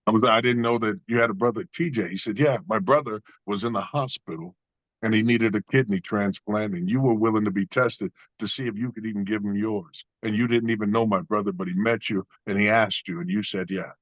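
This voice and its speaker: A man's voice: fairly low pitch, a little fast, fairly bright tone, no echo, lo-fi sound. Male guest, earnest storyteller with sermon-like cadence; dead-dry close recording. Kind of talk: storytelling in a conversation.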